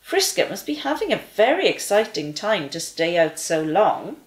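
A woman reading a children's story aloud with gentle, expressive delivery. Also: on the low side, moderate pace, echoey room, poor audio.

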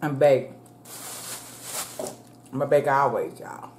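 A woman's voice: very deep voice, fairly even intonation, slow pace, darkish tone, a little hiss or hum. A middle-aged woman vlogging as she eats, chatting to viewers between bites and calling them y'all. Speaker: mukbang vlogger. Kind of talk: casual chat while eating. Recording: echoey room.

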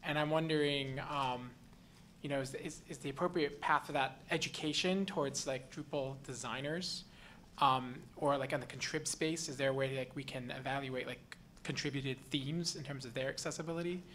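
A man speaking up from a conference audience at a middle pitch, earnest and thinking out loud as he makes his point. A faint hiss of background noise sits under his voice. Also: steady tone, moderate pace. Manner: earnest, thinking aloud with fillers. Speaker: audience member. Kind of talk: comment from the floor at a conference.

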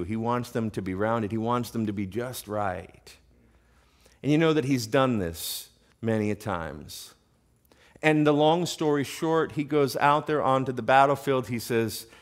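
Man preaching in a chatty, questioning way. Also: mid-range voice. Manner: conversational preaching, asks the congregation questions. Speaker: pastor. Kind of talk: sermon. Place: church sanctuary.

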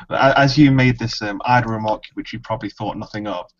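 A man's voice: on the low side, fairly even intonation, a little fast, lo-fi sound. A man playing his dwarf character in a tabletop game, stammering and repeating words as he talks. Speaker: player.

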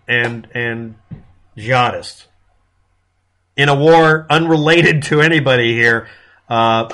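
A man's voice: mid-range voice, pushed and bright. A man from the United States giving a casual monologue commentary in a blunt, sarcastic manner, with frequent profanity.

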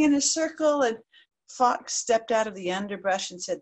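A woman tells a story aloud in a lively, expressive way. Her voice sits a little high for a woman. She moves the tale along as a live teller would. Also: moderate pace.

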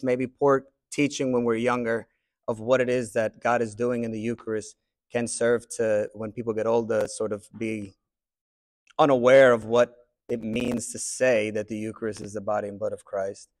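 A man teaching a class, thinking aloud in a reflective way with pauses. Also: mid-range voice, level tone. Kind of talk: classroom discussion.

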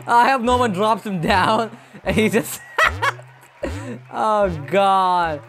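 A woman streaming a video game, reacting with loud exclamations, laughter and slang. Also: medium pitch, expressive, extremely slow, long pauses. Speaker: gaming streamer. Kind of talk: excited game commentary.

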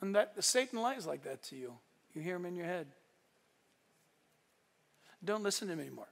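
A male pastor preaching a sermon with emphatic storytelling, shifting between loud declarations and hushed asides. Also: high voice, sing-song, normal speed, creaky. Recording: long reverb in a large hall.

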